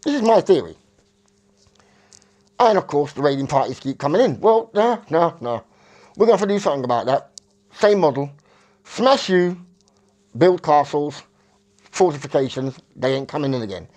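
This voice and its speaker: Man, rambling monologue, self-correcting, somewhat high pitch. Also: animated, fairly quick, pauses often, a little mellow. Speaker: vlogger.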